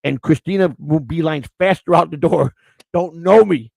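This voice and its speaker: A man's voice: a little high, moderate pace, creaky, darkish tone, no room sound, rough recording. A middle-aged man hosting, telling rambling stories in a casual, outspoken way with many restarts. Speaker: host. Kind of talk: casual storytelling on camera.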